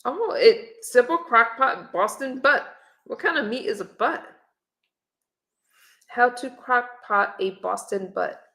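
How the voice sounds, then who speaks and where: Middle-aged lady doing a laid back livestream chat, bright voice, reads out comments and recipes as she goes. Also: fairly high pitch, takes it slowly. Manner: chatty and relaxed, reading viewer comments and recipes aloud. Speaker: livestream host. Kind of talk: casual live-stream chat. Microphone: webcam or phone on camera.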